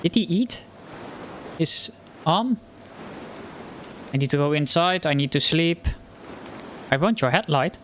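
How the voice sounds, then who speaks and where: A man talking through his game in a high, lively voice that jumps around a lot, slow and drawn out as he frets to himself. His frightened muttering breaks into sudden yelps, over steady background noise. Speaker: gamer. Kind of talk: let's play commentary.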